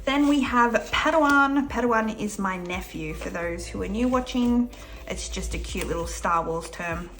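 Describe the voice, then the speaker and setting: Australian woman, young adult, Australian accent; crisp bright delivery, chatty and upbeat vlog host. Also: medium pitch, normal speed. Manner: chatty and upbeat, counting cash aloud. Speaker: budgeting vlogger. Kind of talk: casual vlog narration.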